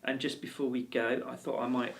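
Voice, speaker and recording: Brief: male ukulele teacher, gravelly voice, rambling and encouraging, recorded a little off-mic. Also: medium pitch, little pitch movement, brisk, distant mic, slight background noise. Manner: chatty, encouraging, with many ums and restarts. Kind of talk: casual video lesson and anecdote.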